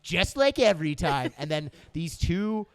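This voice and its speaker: A young man, a comic and club owner, telling a story as a podcast guest in a loose, swearing, animated way. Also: fairly high pitch, unhurried, no room sound. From Canada. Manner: animated, swearing, acts out voices in anecdotes. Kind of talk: casual chat, storytelling.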